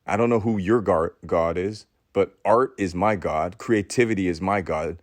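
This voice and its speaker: A podcast host with a very deep, low voice gives a preachy motivational monologue in a sermon-like rhythm. He repeats key phrases, leaves long dramatic pauses, and often restarts mid-sentence with a stammer. The recording is close and dry, with no room sound.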